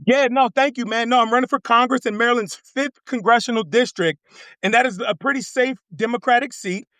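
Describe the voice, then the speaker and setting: Fired-up man, high bright voice. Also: a little fast, no echo. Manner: passionate, repeats himself, swears. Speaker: congressional candidate guest. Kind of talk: fired-up casual talk.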